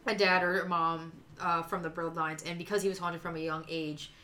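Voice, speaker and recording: A woman's voice: lowish voice, level tone, brisk, bright, forceful tone. A woman in casual, rambling conversation who often acts out quoted lines. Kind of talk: casual chat.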